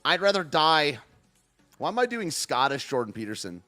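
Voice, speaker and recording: A man's voice: on the high side, big pitch swings, normal speed, sharp tone, soft background music. A man hosting a podcast, talking in a sarcastic, rambling way and laughing at himself. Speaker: podcast host. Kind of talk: casual political podcast rant.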